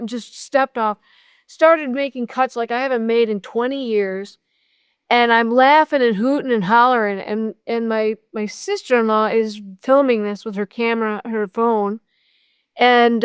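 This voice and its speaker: A woman telling a funny personal story on a video call, animated and laughing, acting out quotes. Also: on the high side, clear, resonant tone, no room sound, studio quality. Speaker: panelist sharing a personal story.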